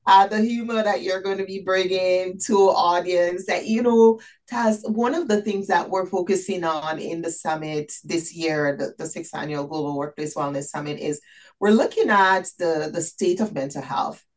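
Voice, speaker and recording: A woman's voice: fairly low pitch, fairly even intonation, normal speed. A woman in her fifties hosting a podcast interview, upbeat and welcoming, laughing easily. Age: 50s. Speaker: podcast host.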